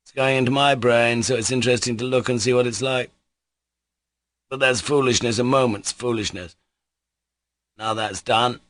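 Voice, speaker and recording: A man voicing a reckless, excitable young nobleman in an audiobook reading, loud and exclamatory. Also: mid-range voice, normal speed, pauses often, no echo, voice pushed up, natural voice. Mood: brooding.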